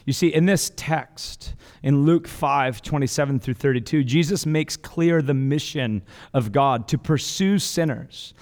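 Earnest pastor in a reverberant hall. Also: male voice, on the high side, a little slow. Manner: conversational, earnest, with frequent "like" and restarts. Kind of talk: sermon.

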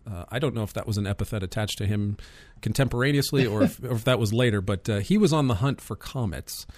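Chatty man with a low, dry voice. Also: animated, quick pace, a little mellow, no room sound. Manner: chatty, laughs often, many fillers. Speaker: host. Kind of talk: casual chat about astronomy.

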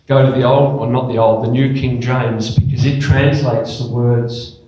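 A man preaching a sermon, emphatic and animated, throwing rhetorical questions at his congregation and dropping to quiet asides. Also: normal speed, highs cut off, faint music behind. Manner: animated and emphatic, swinging from loud exclamations to low, quiet asides. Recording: very echoey church hall.

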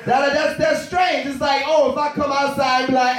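A man in his thirties doing a stand-up comedy set, loud and profane, rambling and shouting his punchlines. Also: extremely high pitch, flat delivery, moderate pace, very echoey, recorded from a distance. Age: 30s.

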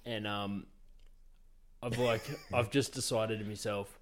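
A young man, hosting a podcast and telling stories in casual chat, relaxed and full of swearing and laughter. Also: lowish voice, takes it slowly, slight background noise. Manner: laid-back, swears a lot, laughs often. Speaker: podcast host.

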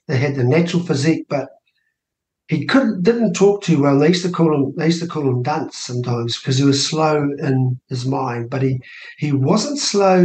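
In a casual radio interview, a New Zealand man in his sixties, there as a guest and election candidate, tells a family story and animatedly acts out the voices of people he quotes. His pitch is fairly high, and he's recorded in an echoey room.

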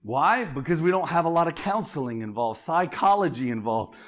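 A man's voice: a little high, animated, a little fast. A pastor preaching a sermon, calling out to the congregation as he builds to fervent peaks. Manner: call-and-response preaching, rising to fervent shouts.

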